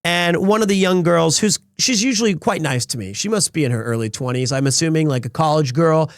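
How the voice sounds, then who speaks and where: A man's voice: fairly high pitch, lively intonation, fairly quick, no room sound, clean studio sound. A man telling a rambling story in a casual live-stream chat. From United States. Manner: rambling storyteller with frequent restarts.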